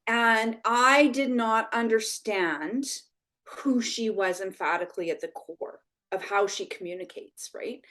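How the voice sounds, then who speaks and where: A woman guest on an interview show, an animated storyteller who often tags her points with "right?". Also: on the high side, a little slow. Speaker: brand expert guest. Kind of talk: conversational interview.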